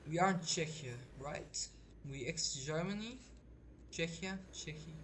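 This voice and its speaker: A man's voice: on the high side, a little slow, a bit bright. A man and English speaker, chatting casually over gameplay in a rambling, hesitant way full of restarts. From Belgium. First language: not English. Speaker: gaming streamer. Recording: noisy home mic.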